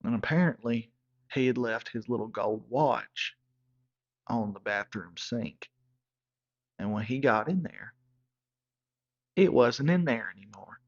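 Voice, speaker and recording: A gravelly, rough-edged man with a drawl rambles through a wild comic story, cussing freely as he goes. His voice sits at an everyday middle pitch, and the recording sounds dull and lo-fi. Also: animated, a little slow, pauses often. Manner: rowdy, profane, rambling backwoods tall-tale telling. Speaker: comedic storyteller.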